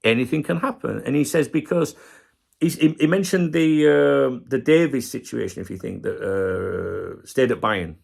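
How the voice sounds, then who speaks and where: A man's voice: medium pitch, moderate pace, gravelly, breathy edge. A middle-aged man hosting a football channel, ranting passionately and swearing heavily in a casual video.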